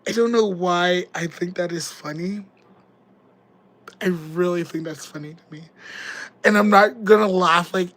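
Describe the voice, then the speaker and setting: A woman's voice: mid-range voice, poor audio. A woman, hosting a casual livestream and chatting in a giggly, rambling, joking way. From Canada. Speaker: livestream host.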